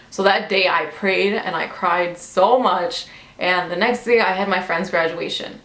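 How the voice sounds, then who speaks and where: A woman's voice: medium pitch, normal speed, a bit bright, roomy sound. A young woman tells a personal story to her viewers in a casual, chatty way, filling her speech with "like" and "you know.". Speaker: vlogger. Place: bedroom at home.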